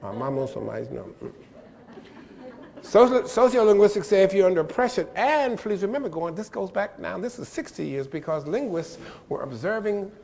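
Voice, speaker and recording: Male keynote speaker, lively lecture delivery, pitch leaps up and down, playful mimicry, fairly high voice. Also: a little fast, vocal fry, few pauses, long reverb tail. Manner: animated, playful, spells out letters and mimics pronunciations.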